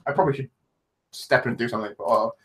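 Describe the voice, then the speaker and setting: A man's voice: medium pitch, very fast, slight background noise. A young man from England with a British accent, chatting casually and rambling on a livestream, often laughing and restarting his sentences. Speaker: YouTube livestream host. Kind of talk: casual live-stream chat.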